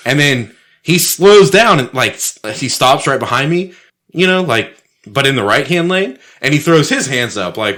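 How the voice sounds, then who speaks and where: Animated, bright-voiced profane man. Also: mid-range voice, moderate pace. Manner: profane, animated anecdote telling. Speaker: podcast co-host. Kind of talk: casual storytelling chat.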